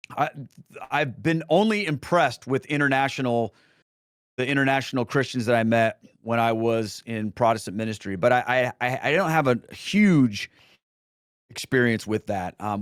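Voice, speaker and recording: A middle-aged man talks through his answers in an easygoing, unscripted way, circling back and restarting his sentences. His voice is smooth and resonant, and the recording is dry and close. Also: mid-range voice, no echo. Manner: rambling with frequent restarts and fillers. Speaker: guest, Catholic speaker and former pastor. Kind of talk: casual Q&A answers.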